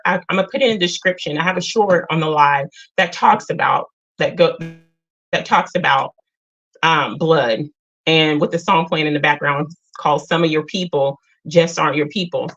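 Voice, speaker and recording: A woman with a lowish voice hosts a casual spiritual livestream. She talks earnestly and without hurry, often pausing on filler sounds. The audio is dull and lo-fi, like a webcam mic. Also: a bit bright. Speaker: livestream host.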